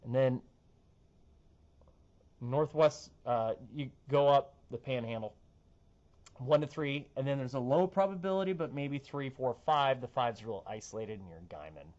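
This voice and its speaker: A man's voice: mid-range voice, moderate pace, a little mellow, muffled recording. A young man, a TV meteorologist talking through a casual forecast with playful, jokey asides. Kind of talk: casual weather forecast chat.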